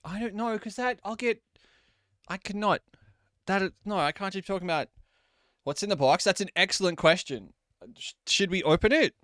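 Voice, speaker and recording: Male streamer in his 20s, upbeat casual chatter with a lively, slightly high voice, cursing freely, dry close recording. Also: no room sound. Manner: animated, chatty, swears casually. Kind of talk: casual live-stream chat with viewers. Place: at home at his desk.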